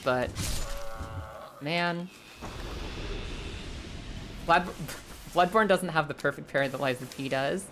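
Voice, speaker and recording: A woman streaming a game live, chatting casually with viewers, swearing freely and breaking into high squeals when the game startles her. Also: a bit bright, slight background noise.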